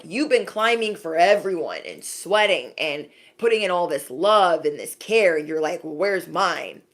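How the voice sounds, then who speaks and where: A young adult woman giving a sassy, animated spiritual pep talk to her viewers, acting out little scenes as she goes. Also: fairly low pitch. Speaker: intuitive reader.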